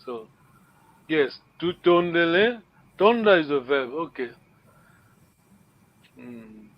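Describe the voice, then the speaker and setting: A man teaching a language class online, speaking haltingly, repeating words and checking in with his students. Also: a little high, very animated, vocal fry. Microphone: video call. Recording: lo-fi online call audio.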